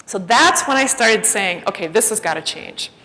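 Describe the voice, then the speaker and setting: A woman giving a personal storytelling talk as a keynote speaker, animated and self-deprecating, acting out the voices she quotes. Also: medium pitch, moderate pace. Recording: long hall reverb.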